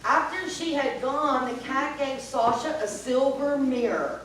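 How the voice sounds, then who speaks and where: A woman reading a folk tale aloud in a slow, expressive way, heard from far off in an echoey event hall. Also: sits high. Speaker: storyteller. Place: event hall at a senior center fair.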